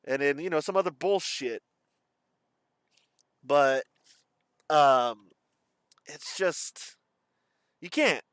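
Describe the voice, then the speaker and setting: Casting: young male streamer, slight lisp, rambling and halting delivery, smooth voice, dry close recording. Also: on the high side, fairly bright tone, dry recording. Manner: rambling, halting, self-described stutter. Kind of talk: casual vlog monologue.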